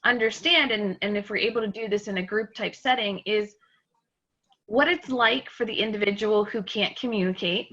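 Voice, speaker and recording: A woman's voice: medium pitch, normal speed, a bit bright. A woman presenting an online workshop over a video call, talking with energy, with fillers and restarts. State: out of breath. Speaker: webinar presenter. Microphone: computer mic on a video call. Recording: muffled video call audio.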